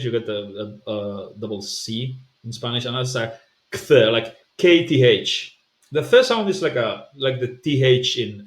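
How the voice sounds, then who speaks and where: A man giving a pronunciation lesson as a language coach, explaining patiently with fillers and repeating sounds to demonstrate them. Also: mid-range voice. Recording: roomy echo.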